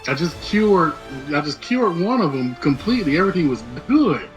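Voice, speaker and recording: A man's voice: fairly high pitch, sing-song, moderate pace, over music, low-quality recording. A man casually recapping a movie scene with his co-host, loose and slangy, acting out the characters' lines. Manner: loose slangy storytelling, acts out quotes.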